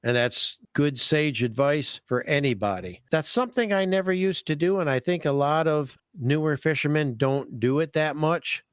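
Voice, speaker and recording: Chatty fishing podcast guy, folksy and eager, smooth clear voice, dry close mic. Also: medium pitch, no room sound. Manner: folksy, enthusiastic, repeats words. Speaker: podcast host, fishing guide. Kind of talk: casual podcast chat.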